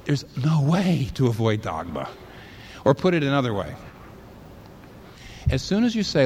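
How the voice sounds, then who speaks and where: A man's voice: mid-range voice, big pitch swings, normal speed, pauses often, a little mellow, a little hiss or hum. A man preaching a sermon, arguing hard and firing rhetorical questions at imagined objectors.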